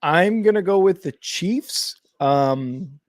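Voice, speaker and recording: A man's voice: sits high, animated, takes it slowly, no echo. Chatty man streaming football reactions, dry sound. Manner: rambling, filler-heavy, self-correcting. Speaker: co-host of a game watch-along stream. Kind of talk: casual live sports chat and play-by-play reactions.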